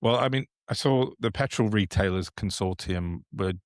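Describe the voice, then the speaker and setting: A man with a deep, low voice co-hosts a casual podcast. He rambles and restarts his sentences, sounding indignant about the news. The sound is dry and close. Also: moderate pace, no echo. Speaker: podcast co-host. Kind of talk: casual political chat.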